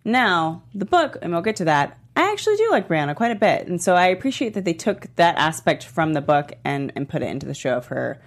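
A woman chatting casually as a podcast co-host, opinionated and animated, acting out quotes with laughs. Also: lowish voice, a little fast, few pauses. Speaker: podcast co-host discussing a TV show. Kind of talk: casual chat.

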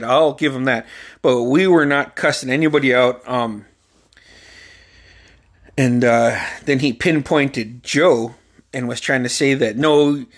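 A man's voice: a little high, fairly bright tone. A man in his forties hosting a podcast, telling a story in a loose, profane, rambling way and laughing along. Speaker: podcast host. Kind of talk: casual storytelling.

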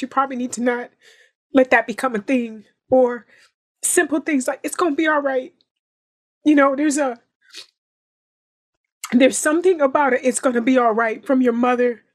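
Earnest, emphatic woman, slightly high voice. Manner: earnest, emphatic, repeats phrases for effect. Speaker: guest actress. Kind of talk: heartfelt podcast conversation.

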